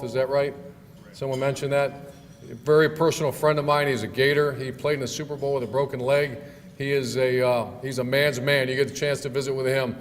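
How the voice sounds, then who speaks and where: A middle-aged man, a football coach, giving a banquet speech with jokes. He tells stories in a folksy way with many filler pauses. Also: mid-range voice. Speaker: football coach, guest speaker. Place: large banquet hall. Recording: long hall reverb, faint room noise.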